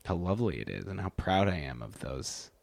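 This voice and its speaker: In an office, a podcast host from Wisconsin rambles through a casual chat, full of fillers and restarts. His deep, darkish voice is very animated and fairly quick, with vocal fry. The recording is dry.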